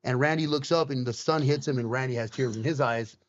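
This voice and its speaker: A man recounting his past in an easy, casual way, dropping curse words and playing the other people in his story. His voice sits at an everyday pitch. The recording sounds a little muffled and lo-fi. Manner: swearing, quick and animated retelling. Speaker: guest on a podcast. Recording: slightly dull, lo-fi sound.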